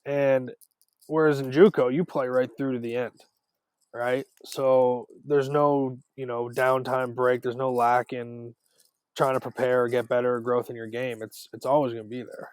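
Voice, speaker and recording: A man talking as a podcast guest in casual chat, animated, with quick runs of words and restarts. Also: medium pitch, clear, resonant tone, no room sound. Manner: animated, talks in quick runs with repeated starts. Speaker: podcast guest, former college ballplayer.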